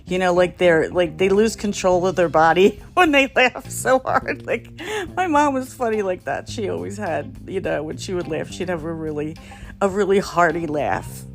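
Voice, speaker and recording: A woman's voice: on the low side, moderate pace, gravelly, faint music behind. A middle-aged woman from the Philadelphia area telling a family story casually, rambling with fillers and laughing often. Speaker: storyteller, podcast host.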